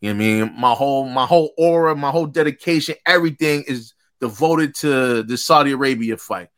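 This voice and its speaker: A man's voice: medium pitch, fairly quick, a bit bright. A man co-hosting a live sports talk show, laying out his honest, laid-back take. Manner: candid, laid-back, reasoning. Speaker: co-host. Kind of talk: casual live-show chat.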